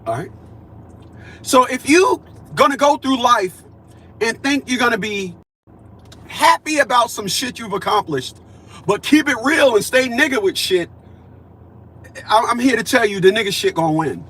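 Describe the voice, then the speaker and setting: A man in his fifties preaches and rants straight to camera, his voice pitched fairly high with a husky, breathy edge. He hammers points home by repeating them and swings between loud declarations and low, muttered asides. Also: expressive, normal speed, pauses often. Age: 50s. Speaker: vlogger. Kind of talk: profane ranting monologue.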